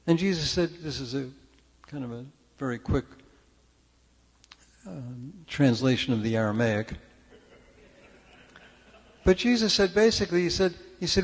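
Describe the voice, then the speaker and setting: A man's voice: high-pitched, animated, normal speed, long pauses. Older man giving a chatty sermon in a reverberant hall. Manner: chatty, self-deprecating, frequent restarts. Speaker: speaker at a spiritual church service. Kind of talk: conversational sermon with storytelling. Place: church sanctuary.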